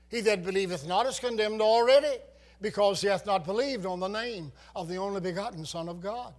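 A man preaching a sermon, reciting scripture with dramatic, swelling emphasis. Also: high-pitched.

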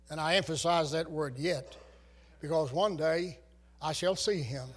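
High-voiced man preaching with dramatic swells. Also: normal speed. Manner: dramatic, swelling emphasis on scripture. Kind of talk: sermon.

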